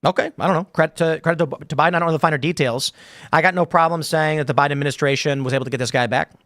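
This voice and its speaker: Racing along in a slightly high, fairly bright voice with fairly even intonation, a man hosts a live show and riffs on chat comments he reads aloud. It's casual live-stream commentary, rambling and full of fillers and false starts, captured in a dry, clean studio recording.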